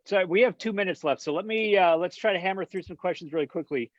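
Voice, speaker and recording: A man moderating a casual panel chat, upbeat, brisk and guiding. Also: high voice, no room sound. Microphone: video call. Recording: dull lo-fi video call audio.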